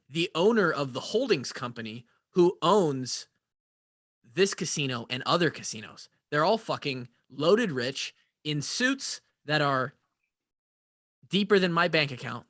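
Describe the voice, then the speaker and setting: A young man co-hosting a podcast, telling a profane, animated story in casual chat. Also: a little high, no echo, clean studio sound. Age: young adult. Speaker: podcast co-host.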